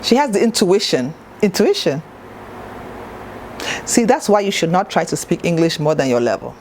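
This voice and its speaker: A woman's voice: fairly low pitch, big pitch swings, brisk, a little mellow, slight background noise. A woman talking to camera in a casual review vlog, chatty and playful, with asides to the viewer. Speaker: TV show reviewer.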